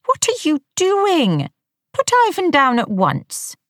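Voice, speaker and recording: A woman's voice: medium pitch, big pitch swings, a little slow, vocal fry, slightly rough, dry recording, pitched above the performer's own voice, full character voice. A woman voicing a fussy middle-aged wife, cooing at her cat in a grating little-girl voice. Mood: sharp.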